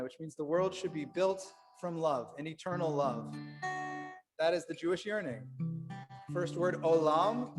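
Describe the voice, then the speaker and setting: A man leading a synagogue service, speaking in a relaxed, chatty way with fillers, over guitar accompaniment. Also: on the high side. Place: synagogue sanctuary. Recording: guitar music under the voice.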